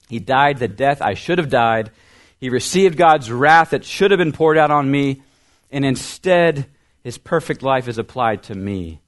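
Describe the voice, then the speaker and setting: A young male pastor delivers a sermon in an earnest, storytelling way. His voice sits at a middle pitch, pushing up on key points and trailing off quietly at the ends of phrases.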